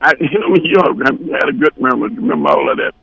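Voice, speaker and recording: Gravelly, bright-voiced man telling bawdy tales. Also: mid-range voice, lively intonation, fast talker, no room sound, muffled recording. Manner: bawdy, rambling, jumps between stories. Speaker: guest musician. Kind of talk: casual storytelling on radio.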